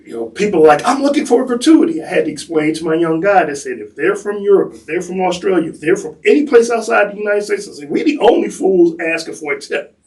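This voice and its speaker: A man who works as a tour guide, telling stories in an animated way and acting out the people he quotes. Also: high voice, fast, distant mic, poor audio. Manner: acts out the people he quotes in bursts. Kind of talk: animated storytelling.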